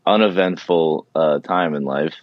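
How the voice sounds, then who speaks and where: A man's voice: extremely low pitch, a little slow, no room sound. A man guesting on a casual podcast chat as a touring drummer, laid-back and rambling, full of "you know" fillers. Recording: dull, lo-fi, dry sound.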